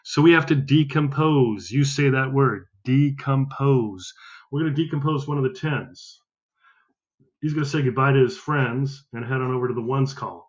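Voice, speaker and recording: A man's voice: mid-range voice, a little fast, lo-fi sound. A male math teacher giving a recorded lesson, upbeat, counting aloud and correcting himself as he goes.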